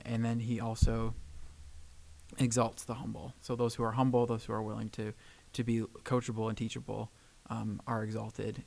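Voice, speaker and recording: Male co-host, gravelly voice, earnest scripture reading, some stumbles. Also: medium pitch, poor audio. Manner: earnest, reads with small stumbles and fillers. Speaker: podcast co-host. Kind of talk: Bible reading and reflection.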